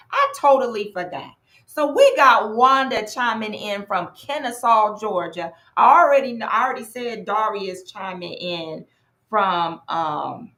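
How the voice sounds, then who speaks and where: With a mid-range voice and a roomy sound, a North Carolina woman coaches through a live online workshop. She's lively and talkative, welcoming chat participants by name.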